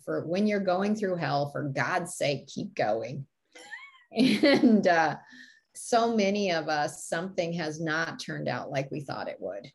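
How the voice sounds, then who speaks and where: A woman's voice: sits low, expressive, slow pace, breathy edge. A woman co-hosting a motivational talk show, telling stories and laughing often. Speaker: podcast co-host.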